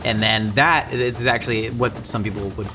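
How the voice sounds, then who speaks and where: A man's voice: mid-range voice, steady tone, moderate pace, background noise. A man hosting a cooking show, chatting in a jokey, rambling way while he cooks. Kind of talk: casual cooking chat. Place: studio kitchen.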